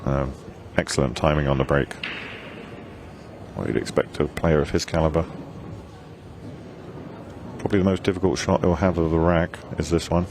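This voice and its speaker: A man giving relaxed, chatty live commentary on a pool match. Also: a bass voice, normal speed, pauses often, background noise.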